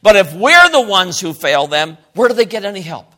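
A middle-aged man preaching a sermon, swinging from loud emphasis to quiet asides. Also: sits high, big pitch swings, moderate pace.

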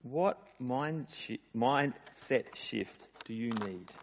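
Emphatic preacher, echoing hall. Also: male voice, medium pitch, animated, slow pace. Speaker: pastor. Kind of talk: sermon. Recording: dull lo-fi sound in a reverberant hall.

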